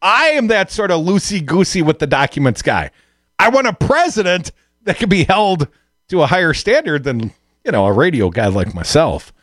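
A man hosting a call-in radio talk show, animated and self-deprecating, talking off the cuff. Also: a little high, moderate pace, no echo, studio quality.

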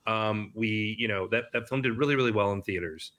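A man's voice: on the low side, a little fast, fairly bright tone. A man as an interview guest, talking animatedly with frequent restarts about bringing a film to theaters. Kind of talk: casual interview.

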